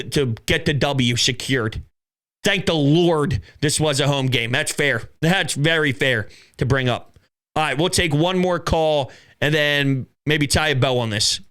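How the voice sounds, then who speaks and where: Young Philly male host, high bright voice, shouty animated call-in chat. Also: measured pace, smooth. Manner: animated, shouts and acts out quotes. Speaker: show host. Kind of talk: excitable sports call-in chat.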